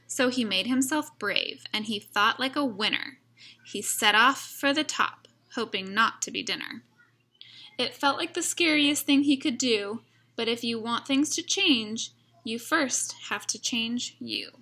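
Slow, bright-voiced woman reading a picture book aloud. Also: a little high. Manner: gentle, slow, adds comments to listeners. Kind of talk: rhyming read-aloud narration with asides.

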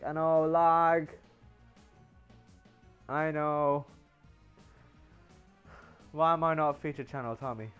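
A man giving excitable live commentary on his game stream, yelling and laughing as he teases other players. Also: fairly high pitch, lo-fi sound.

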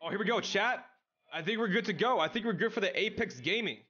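A young man streaming a video game, chatting casually with his chat in an excitable, slangy way. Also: high-pitched, quick pace, slightly rough, lo-fi sound. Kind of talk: casual live-stream chat while gaming.

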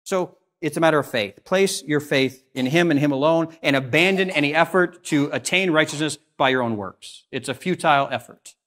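A man's voice: moderate pace, hardly any pauses. Earnest Canadian man preaching a sermon. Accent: Canadian English. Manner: earnest preaching, rising on questions and dropping low and soft on solemn lines. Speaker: pastor. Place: church sanctuary.

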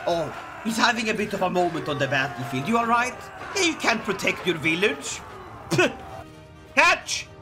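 A man giving playful let's-play commentary, theatrically shouting mock battle orders and giggling, with game music behind. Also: high-pitched, very animated, unhurried. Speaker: gaming YouTuber.

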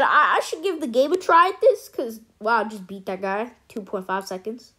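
A woman giving casual, excitable let's-play commentary as host of a gaming channel, chatty and cheering at her wins. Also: fairly high pitch, moderate pace, slightly rough.

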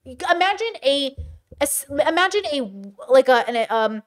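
A woman with a high voice runs casual reaction commentary. She talks bluntly and with a lot of animation, and slang peppers her speech. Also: expressive, normal speed. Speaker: commentary creator.

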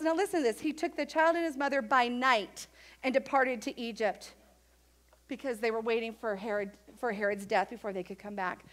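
A woman pastor preaching a sermon in a church, animated and acting out the voices of the people in her story. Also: a little high. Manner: animated, acts out quoted voices of Mary and others.

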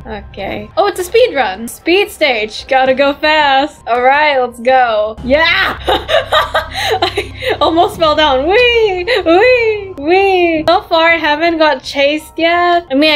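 A woman playing a game and commenting as she goes, giggling often and squealing when she slips. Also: sits high. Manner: giggly and excitable, laughs often. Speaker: gaming YouTuber. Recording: background game music.

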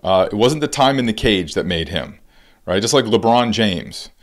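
A middle-aged man hosting a solo podcast as a baseball coach, talking in an animated, conversational way, restarting sentences and acting out what players and coaches say with big jumps in pitch. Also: normal speed. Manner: frequent restarts and repeated words.

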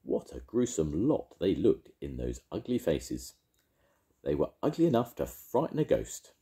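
An older man reading a children's story aloud with gentle, expressive storytelling. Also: deep voice, measured pace.

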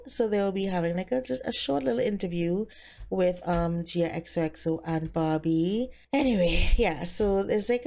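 A woman's voice: medium pitch, dark tone. A woman giving a chatty, bubbly commentary over a life-simulation game she plays. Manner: chatty, bubbly, many fillers. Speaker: let's player.

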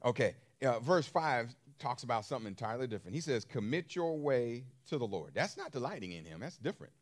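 A man's voice: mid-range voice, big pitch swings, a little fast. A man preaching a sermon in an emphatic style, repeating phrases and throwing questions to his listeners, with features. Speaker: pastor.

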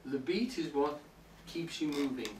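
A man's voice: a little high, a little slow, a little mellow. A man giving a public talk on poetry to a live audience, explaining step by step and often checking in with the listeners. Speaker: lecturer. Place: indoor room with a live audience. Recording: roomy, distant, faint hiss.

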